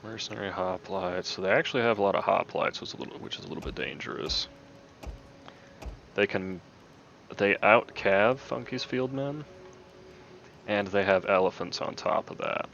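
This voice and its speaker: A man hosting a gaming video, giving relaxed commentary and thinking aloud as he plays. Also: fairly low pitch, moderate pace, gravelly, pauses often, lo-fi sound, a little hiss or hum. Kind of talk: casual game commentary.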